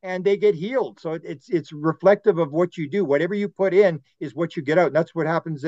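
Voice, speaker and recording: A man talking as a podcast guest, rambling and animated as he tells stories and acts out quotes. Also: fairly high pitch, fast talker, no room sound, lo-fi sound. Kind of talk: podcast conversation.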